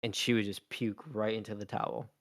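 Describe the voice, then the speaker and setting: Low-voiced dad telling a story. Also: male voice, flat delivery, a little fast, dry recording, clean studio sound. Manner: rambling storyteller, many fillers. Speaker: podcast co-host, father. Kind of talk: casual chat.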